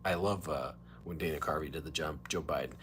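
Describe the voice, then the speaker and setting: A man hosting his own livestream podcast, rambling casually between topics and slipping into quick impressions. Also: rumbling low, fairly bright tone, slight background noise. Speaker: podcast host. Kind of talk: casual solo livestream chat.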